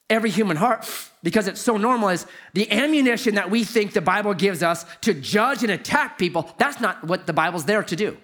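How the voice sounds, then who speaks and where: A middle-aged man preaching a sermon, telling stories with lively swings from high to low. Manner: animated storytelling, swoops from high to low. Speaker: pastor.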